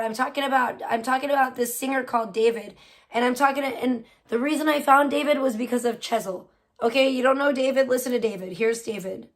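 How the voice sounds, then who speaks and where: A high-pitched woman talks straight to her livestream chat. She swears freely and speaks bluntly and heatedly, like she's venting to friends from a home streaming setup. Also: fairly even intonation, fairly quick. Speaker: livestream host. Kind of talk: casual live-stream chat with viewers.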